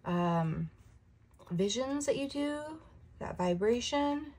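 Woman tarot reader, unhurried and husky, heartfelt, emotional. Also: medium pitch. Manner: earnest, heartfelt, sighing often. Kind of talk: intuitive tarot reading to viewers.

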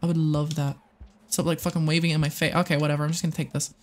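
Young streamer yapping at chat mid-game, swears a lot, keeps restarting sentences, middling pitch. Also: racing, faint music behind. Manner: excitable and swearing, chatting with viewers; rambling with frequent restarts and self-talk. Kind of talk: live game-stream commentary.

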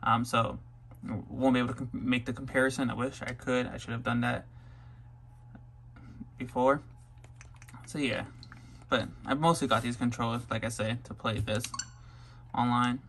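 A young man hosting a casual unboxing vlog, talking in an awkward monotone full of ums. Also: medium pitch, normal speed, gravelly, pauses often. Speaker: unboxing vlogger. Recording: faint background noise.

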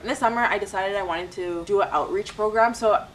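A young woman telling chatty, animated stories as a vlogger. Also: mid-range voice, brisk, far from the mic, slight background noise, rough recording. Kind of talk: casual storytime.

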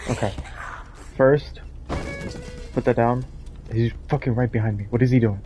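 A man's voice: mid-range voice, fairly even intonation, normal speed, mellow. Male streamer, live gameplay commentary, jittery, cursing, self-soothing, faint background noise. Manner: nervous, swears a lot, talks to himself.

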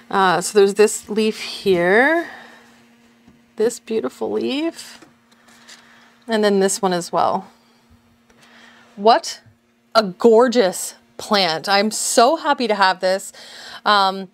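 A young adult woman hosting a houseplant vlog at home, chatty and bubbly, with lots of fillers. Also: mid-range voice. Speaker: houseplant channel host. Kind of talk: casual vlog chat. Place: home with plant shelves.

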